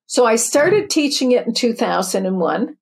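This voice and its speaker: This woman speaks a little high, with lively intonation, vocal fry and a moderate pace. An author and spiritual teacher in her fifties or older, she relates her story in an interview, earnest and chatty, with many false starts.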